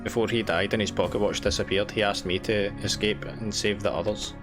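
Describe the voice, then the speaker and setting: A man voicing an exhausted, once-tormented game character, reading earnestly in a low voice. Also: fairly even intonation, fairly quick, over music, lightly acted. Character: exhausted freed prisoner, tormented and hopeful.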